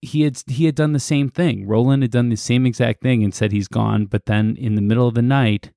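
A man's voice: medium pitch, steady tone, fairly quick, gravelly, dark tone, no room sound, studio quality. A man co-hosting a podcast, casually recounting a story with fillers and laughs. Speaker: podcast co-host.

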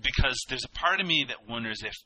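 A man from Canada in casual podcast chat about movies, blunt and halting with restarts. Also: mid-range voice, expressive, bright, forceful tone, low-quality recording. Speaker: podcast co-host. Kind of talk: casual chat reviewing films.

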